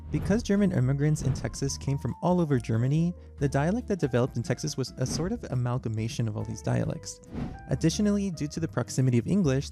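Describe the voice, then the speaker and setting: A man's voice: mid-range voice, gravelly. A man hosting an educational video, giving an explanatory scripted narration. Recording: music bed under voice.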